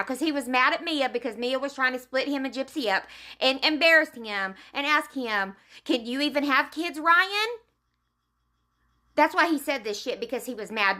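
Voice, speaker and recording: A woman's voice: high voice, pushed and bright. A woman delivering a heated, profane commentary rant, talking emphatically and calling out someone directly to her viewers. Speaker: commentary vlogger. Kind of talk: ranting commentary.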